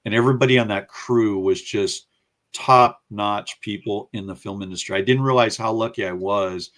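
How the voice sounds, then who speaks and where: Telling a story from his career in a casual interview, this man animatedly imitates the people he quotes. His voice is on the low side, at a normal speed.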